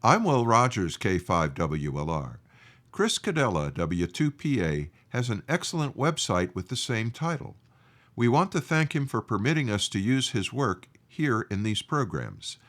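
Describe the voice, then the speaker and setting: A man presenting a radio history segment in scripted narration, reading in a measured, deliberate way. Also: fairly low pitch, big pitch swings, fairly bright tone.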